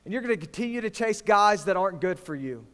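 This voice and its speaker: A man preaching to students as youth pastor, swinging from hushed lines to loud, emphatic ones. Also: high voice, animated, quick pace, clean tone. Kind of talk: sermon to students. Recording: long reverb of a large hall.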